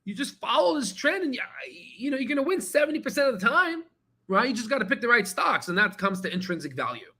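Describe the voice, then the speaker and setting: A man hosting a stock trading channel, talking casually and excitably while going through charts, swearing now and then and repeating himself as he rambles. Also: very high voice, fast talker, slightly rough. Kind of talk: casual screen-share market commentary.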